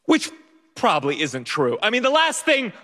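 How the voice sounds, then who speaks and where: A man's voice: sits high, wildly swooping pitch, normal speed, pushed and bright. A young man telling a personal story on stage, nervous and self-mocking, with many restarts and laughs. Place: stage before an audience. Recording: long stage reverb.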